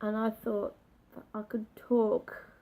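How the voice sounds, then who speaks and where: A woman talks slowly through a personal story, her voice set a little high and soft at the edges. She pauses, restarts and circles back as she goes. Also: monotone, low-quality recording. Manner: halting, emotional retelling with restarts. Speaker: vlogger.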